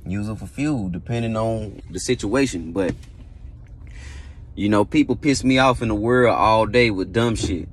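A man's voice: on the low side, unhurried, a little hiss or hum. A man, a musician, giving a blunt, heavily profane motivational talk, hammering points home by repeating them. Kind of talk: casual motivational monologue.

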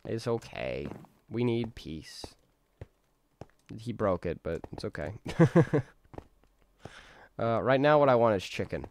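A man's voice: on the low side, sing-song, slow pace, pauses often, darkish tone, slight background noise. A man giving casual, rambling gameplay commentary, talking to himself with jokey outbursts. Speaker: gaming streamer.

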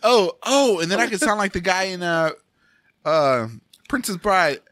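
A man co-hosting a podcast in casual chat, playful and quick to laugh. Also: sits high, expressive, fairly bright tone, dry recording, clean studio sound. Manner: playful, laughs a lot, jokes about accents. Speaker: podcast co-host.

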